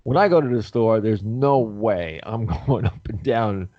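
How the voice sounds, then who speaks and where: A man telling an animated story in casual talk-show chat, acting out the people he quotes. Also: lowish voice, a little slow, no room sound. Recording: dry, dull lo-fi audio.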